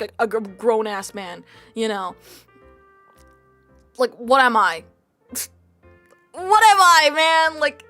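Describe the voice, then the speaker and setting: A woman's voice: on the high side, bright, forceful tone. A young woman streaming, chatting casually in a playful, rambling, self-mocking way. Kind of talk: casual live-stream chat.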